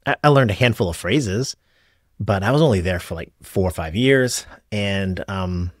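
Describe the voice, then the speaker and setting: A man's voice: lowish voice, animated, normal speed, dry recording, clean studio sound. A middle-aged American man hosting his own podcast, talking casually and rambling through his thoughts with restarts and asides. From United States. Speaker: podcast host and rideshare driver. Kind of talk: casual solo podcast talk.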